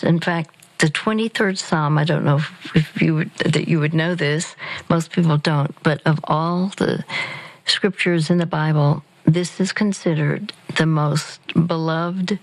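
An older woman giving gentle, measured Christian counsel on a call-in radio show. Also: low voice, steady tone, no echo, rough recording. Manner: slow, gentle, measured, with fillers.

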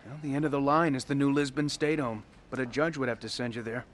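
A man playing a calm counselor who reasons with an addict and urges him toward faith, in a radio drama. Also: mid-range voice, fast, a little hiss or hum, natural voice.

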